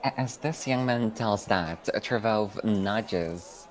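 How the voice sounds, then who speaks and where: A man's voice: fairly low pitch, slow, some chatter behind. A man playing a tabletop game, narrating his character's actions theatrically. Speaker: player. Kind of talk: casual tabletop play.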